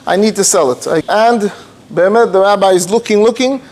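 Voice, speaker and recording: High-voiced rabbi telling a story. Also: male voice, a little fast. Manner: animated storytelling, sprinkles Hebrew and Yiddish terms. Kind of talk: storytelling lecture.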